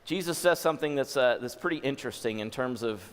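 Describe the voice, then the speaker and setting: A male pastor giving a sermon, going from hushed, gentle lines to forceful ones as he voices scripture. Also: mid-range voice, expressive, fast talker, clear, resonant tone. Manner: shifts between soft hushed tones and forceful lines when voicing scripture. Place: church sanctuary. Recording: long hall reverb.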